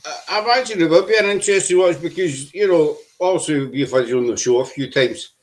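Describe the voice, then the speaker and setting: A man's voice: on the high side, brisk. A man hosting a casual paranormal chat show over a video call, with joking banter. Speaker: podcast host.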